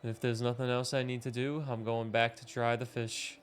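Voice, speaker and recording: Brief: man reading as a moody, dismissive teen boy, low and flat, faint game music behind. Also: moderate pace, clean tone, close to an everyday voice. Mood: aloof. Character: aloof edgy teenage boy, dismissive.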